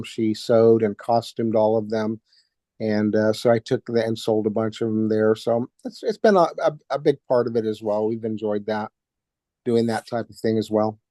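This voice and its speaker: A man being interviewed about his puppet work, wandering through his answers with many fillers and pauses. His voice is mellow and warm, and it sounds dry and close with no room echo. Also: medium pitch. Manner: rambling, hesitant, lots of fillers. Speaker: ventriloquist and puppet builder guest.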